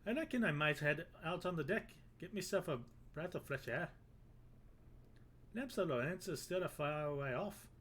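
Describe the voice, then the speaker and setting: A man's voice: fairly high pitch, expressive, moderate pace, fairly bright tone, a little hiss or hum. A man voicing a chatty bearded male sailor peddler in a video game, with an exaggerated put-on Irish accent and folksy rustic phrasing. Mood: friendly. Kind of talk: reading game dialogue aloud.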